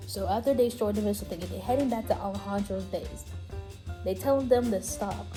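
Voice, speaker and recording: A woman hosting a casual chat, excitedly recapping a video game story with frequent laughter and swearing. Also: mid-range voice, fairly quick, faint music behind. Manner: animated, laughs often, profane. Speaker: host.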